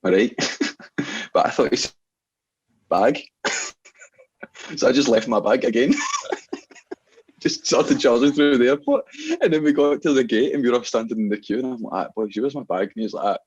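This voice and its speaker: A young man with an Ayrshire Scottish accent telling laughing, animated stories in casual podcast chat. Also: medium pitch, moderate pace, pauses often, slightly rough, muffled recording. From Scotland. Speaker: podcast guest, DJ.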